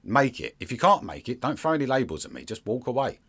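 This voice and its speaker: A man in a casual interview chat, talking in a sarcastic, animated way and slipping into mocking voices. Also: mid-range voice, fast talker, breathy edge.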